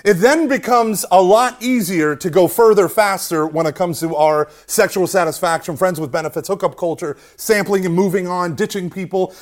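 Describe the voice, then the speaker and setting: A man giving an animated, conversational preaching talk to a young audience, often asking "right?" and poking fun at himself. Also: high voice, moderate pace, hardly any pauses. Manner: conversational, keeps asking "right?", self-mocking humor, acts out quotes. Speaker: speaker at a Catholic youth talk.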